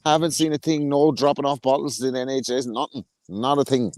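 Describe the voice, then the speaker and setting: A man's voice: mid-range voice, fairly even intonation, a little fast, darkish tone, dry recording. A man co-hosting a boxing podcast, cracking crude, mocking jokes with heavy swearing. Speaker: podcast co-host. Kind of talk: casual boxing chat.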